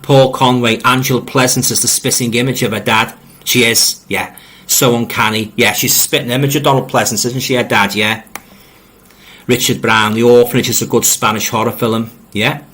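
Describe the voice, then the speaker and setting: A chatty middle-aged man with a Liverpool accent, speaking at an ordinary pitch. He greets viewers directly and talks in a loose, rambling way, often stumbling over repeated words. He sounds like a casual live-stream host reading out comments. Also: steady tone, normal speed, fairly bright tone. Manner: friendly, addresses viewers directly.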